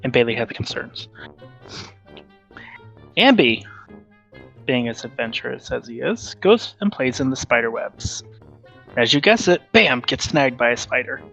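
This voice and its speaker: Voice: mid-range voice, lively intonation, a little slow, vocal fry, long pauses, a bit bright. A player giving a playful, punchy recap of the last tabletop session, stressing beats for effect. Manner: punchy, repeats "bam" for effect. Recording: dull lo-fi audio with faint music.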